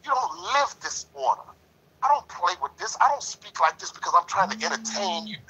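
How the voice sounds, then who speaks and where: A man's voice: high-pitched, very animated, brisk, pushed and bright, slightly rough, low-quality recording. A man in a lodge discussion talking in a preachy, emphatic way, repeating himself and leaning on "you know". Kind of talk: passionate casual discussion.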